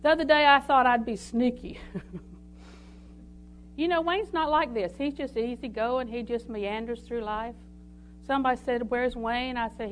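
A woman with a drawl preaches in a folksy, storytelling way, moving between anecdotes and scripture readings. Her voice sits a little high for a woman. A faint hum runs underneath. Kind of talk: sermon.

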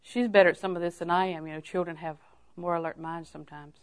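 An older woman preacher giving a sermon, telling homely stories and then rising into emphatic, drawn-out exhortations. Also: lowish voice, fairly even intonation. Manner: folksy storytelling that rises to emphatic, drawn-out exhortation.

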